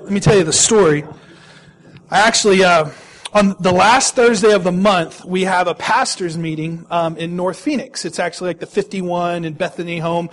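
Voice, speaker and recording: A young pastor with a notably high voice tells an audience about a mishap of his own. He is animated and pokes fun at himself as he goes. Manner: animated, self-mocking storyteller. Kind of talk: personal anecdote told to an audience.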